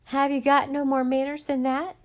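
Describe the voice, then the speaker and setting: A woman reading aloud, voicing an indignant girl who yells and scolds. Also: high-pitched, little pitch movement, moderate pace, pitched above the performer's own voice, natural voice. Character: yelling, indignant harbor girl.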